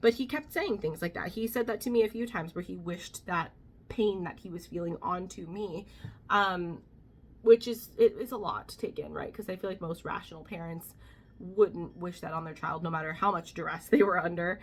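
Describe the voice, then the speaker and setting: A woman's voice: on the low side, moderate pace. A young woman vlogger casually telling a personal story, candid and full of fillers. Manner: candid, many fillers, quotes others in her own voice.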